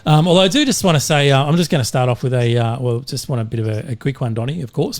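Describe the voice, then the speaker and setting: A man's voice: medium pitch, quick pace, few pauses. A middle-aged Australian man co-hosting a podcast, telling dad jokes in a rambling, jokey way with plenty of fillers. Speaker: podcast co-host.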